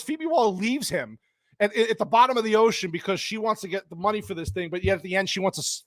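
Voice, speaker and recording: A man hosting a live stream and ranting about a film, cursing freely and tripping over restarts as he jumps between thoughts. He stops to greet and answer chat viewers by name. His voice sits a little high, and the sound is dry with no room echo. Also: lively intonation, fast talker, a bit bright. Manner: angry, profane, rambling with restarts. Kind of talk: live-streamed movie rant.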